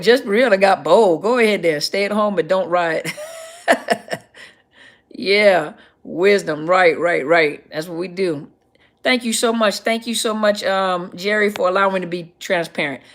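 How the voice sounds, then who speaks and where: A woman's voice: lowish voice, unhurried. A middle-aged woman, a counselor, hosting a casual livestream Q&A, chatty and greeting viewers by name as she reads their comments.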